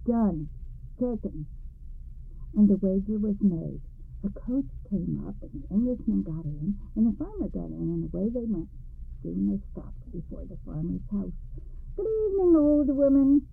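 Husky woman reading a story on radio. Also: medium pitch, moderate pace. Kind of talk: scripted storybook narration. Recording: tinny lo-fi radio recording.

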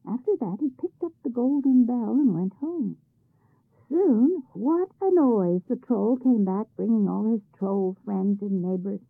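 A woman telling a folk tale in a lively, expressive reading, with a tinny, phone-like sound. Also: fairly high pitch, measured pace, creaky, husky, dry recording. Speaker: storyteller. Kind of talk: scripted narration of a folk tale.

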